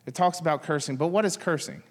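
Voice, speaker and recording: A man's voice: fairly high pitch, fast, in a large hall. A man in his thirties preaching a sermon, talking casually and joking with the congregation. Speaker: pastor.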